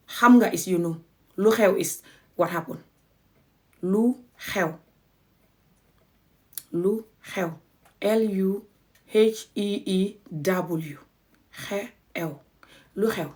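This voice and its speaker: Gambian lady teaching on a live stream, lively, acts out bits, spells stuff out slow. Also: mid-range voice. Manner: animated, acts out little dialogues, spells words slowly. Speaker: language teacher. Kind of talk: live-stream language lesson.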